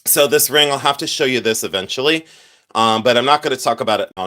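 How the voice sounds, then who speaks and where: Talking fast in a medium-pitched, pushed, bright voice, a middle-aged livestream host and jewelry collector chats and rambles casually. His sinuses sound congested, and he thanks viewers regularly.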